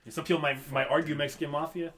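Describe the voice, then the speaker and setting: A young man with a slightly high voice chats in a relaxed, slangy way on a podcast. He calls his friend "dude" and is quick to agree as they talk. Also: over a noisy crowd. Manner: laid-back and slangy, says "dude", agrees often. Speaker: podcast co-host. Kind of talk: casual chat.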